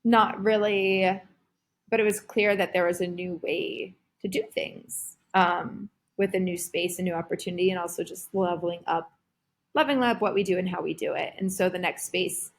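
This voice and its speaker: Chatty woman on a podcast, lots of like and um, animated, mid pitch. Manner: animated, full of fillers like "like" and "um". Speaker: guest, performer and creative director. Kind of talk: casual podcast conversation.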